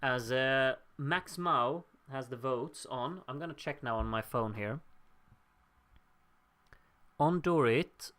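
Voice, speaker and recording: A man's voice: mid-range voice, slow, pauses often, a bit bright. A young man hosting a live watchalong stream, chatting casually, reading out viewer votes and laughing at his own slip-ups. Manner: chatty and upbeat, laughs at himself, thinks aloud.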